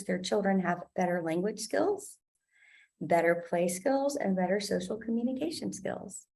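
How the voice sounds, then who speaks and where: A woman giving an instructional talk to parents about play, explaining clearly and acting out what parents say. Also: mid-range voice, dark tone. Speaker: parent trainer. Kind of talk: instructional presentation.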